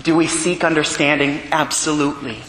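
A man preaching a sermon in an earnest, measured storytelling manner. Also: on the high side, steady tone, a bit bright, a little hiss or hum. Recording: echoey hall with long reverb.

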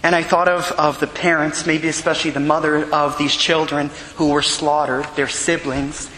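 A man preaching a sermon in an earnest, measured storytelling manner. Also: fairly high pitch, level tone, bright, forceful tone, slight background noise. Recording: echoey hall with long reverb.

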